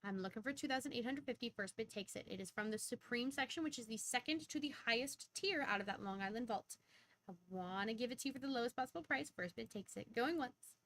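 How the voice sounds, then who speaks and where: Prices and bid countdowns pour out in quick auctioneer patter as a young woman with a high voice runs a coin auction over a live stream. Every so often she bursts into excitement.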